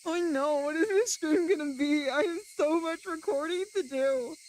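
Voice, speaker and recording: A woman's voice: high voice, normal speed, a little mellow, slight background noise. A woman streaming live, chatting casually and reading a visual novel aloud, laughing often and swearing freely.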